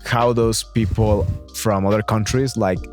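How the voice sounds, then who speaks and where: A man's voice: lowish voice, steady tone, measured pace, faint music behind. A young man from Mexico with a Mexican accent, hosting a casual podcast and rambling with "I mean" and "like".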